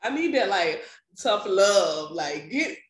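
Speaking slowly in a mid-range voice, a young woman chats casually and tells an animated story, laughing often and acting out the voices of the people she quotes. The room is echoey.

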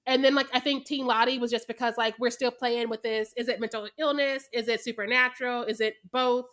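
A woman co-hosting a casual podcast chat, animated and expressive, acting out quotes, swearing and laughing a lot. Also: fairly high pitch, a little fast. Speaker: podcast co-host.

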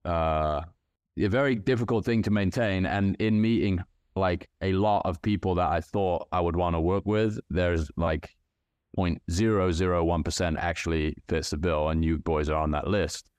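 A man's voice: low voice, steady tone, moderate pace, darkish tone, clear, resonant tone, no echo. A man co-hosting a podcast, talking reflectively in casual chat. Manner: reflective, loose with fillers. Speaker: podcast co-host.

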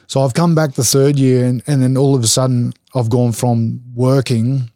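A young man with an Australian accent talks in a mellow, relaxed voice at a middle pitch. He tells stories bluntly and swears freely, acting out the people in them. The sound is dry and close, with no room around it. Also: moderate pace, no echo. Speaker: rugby league player, guest. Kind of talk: casual storytelling interview.

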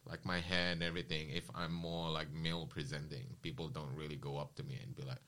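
A man casually recounting personal experiences in an interview, with a rambling, animated manner and quoted dialogue. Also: very deep voice, brisk.

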